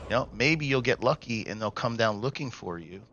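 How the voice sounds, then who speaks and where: A man's voice: mid-range voice, lively intonation, moderate pace, muffled recording, a little hiss or hum. A man casting a live online war game, coaching the teams and bursting into hype calls. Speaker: esports caster. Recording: loud gunfire and artillery from the game behind. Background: game gunfire and explosions.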